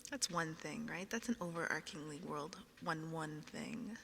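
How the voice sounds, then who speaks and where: A woman's voice: low-pitched, measured pace, creaky, a bit bright, big-room sound, a little hiss or hum. Giggly whispering woman ASMR streamer. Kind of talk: soft whispered stream chat. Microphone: binaural microphone.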